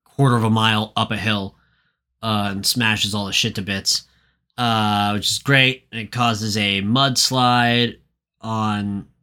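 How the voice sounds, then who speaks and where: A man's voice: fairly low pitch, fairly even intonation, slow, pushed and bright. A man co-hosting a podcast, recapping a story in a casual, profane, rambling way. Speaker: podcast co-host. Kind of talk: casual chat.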